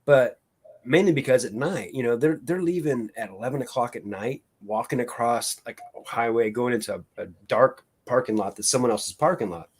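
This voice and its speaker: A man's voice: medium pitch, normal speed, slightly rough. A man co-hosting a casual live-stream chat, telling long stories with lots of fillers and restarts. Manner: rambling storyteller with many fillers and restarts. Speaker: co-host.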